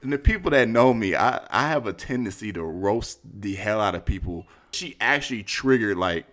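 A man hosting a podcast, telling a story in a casual, profane, animated way and acting out quotes in high voices. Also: normal speed. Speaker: podcast host.

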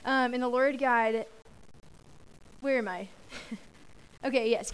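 Young woman, youth sermon, casual and chatty, laughs off slips, slightly high voice. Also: moderate pace, long pauses, low-quality recording. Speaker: youth speaker. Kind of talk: youth sermon with prayer and scripture reading.

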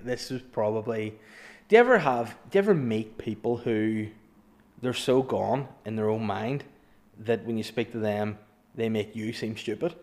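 A man's voice: fairly low pitch, normal speed, a little mellow. Man telling swearing anecdotes. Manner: swearing, laughs through his stories, acts out dialogue. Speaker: storyteller guest. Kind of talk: casual chat, telling anecdotes.

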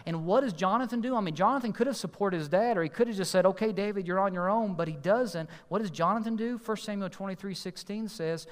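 A man preaching a sermon as pastor, earnest and emphatic, slowing to stress key phrases. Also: sits high. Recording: long hall reverb.

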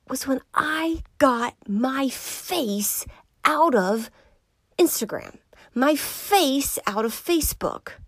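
A young woman from Georgia talks through a reflective personal monologue in an earnest voice. She often sinks into a soft whisper to stress a point. The sound is close and dry, with no room echo. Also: a little high.

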